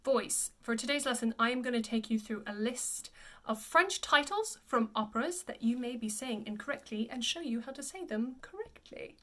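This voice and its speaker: A woman voice coach giving a pronunciation lesson. She says each word slowly and then repeats it. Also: fairly high pitch, lively intonation, a bit bright.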